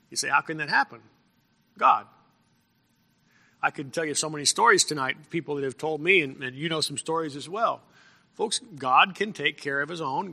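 A man delivers a sermon from the pulpit in a gravelly, sharp-edged voice. He clears his throat often and stumbles over repeated words as he builds his points. His voice rings out with the long reverb of a church hall. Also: on the high side. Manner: frequent throat clearing and repeated false starts. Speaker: pastor.

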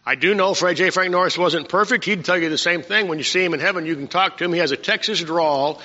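A man's voice: high voice, sharp tone. An older man preaching a sermon as pastor, folksy and talking directly to members of his congregation. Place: church sanctuary. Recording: dull lo-fi recording with long hall reverb.

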